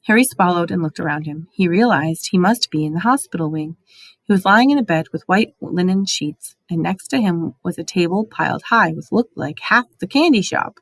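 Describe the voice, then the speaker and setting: A woman reading a storybook aloud with expressive, dramatic delivery. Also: lowish voice, normal speed, dry recording. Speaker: audiobook reader.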